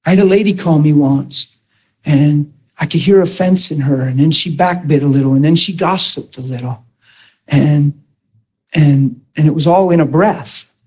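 A man's voice: on the high side, normal speed, a little mellow, breathy edge. A man preaching to a class in a sermon-style talk, emphatic and often asking the listeners if they follow him. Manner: emphatic, with rhetorical questions to the listeners.

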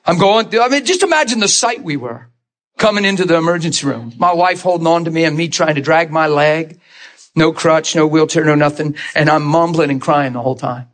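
A middle-aged preacher giving a sermon testimony, telling his story in an animated way, acting out voices and laughing often. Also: fairly high pitch, fairly quick.

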